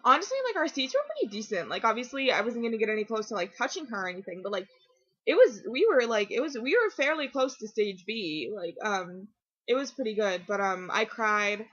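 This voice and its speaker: A teenage girl chatting casually to her camera at home, rambling and excitable, full of fillers and restarts. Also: on the high side, a little fast, slightly rough. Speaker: vlogger. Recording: dull lo-fi webcam audio.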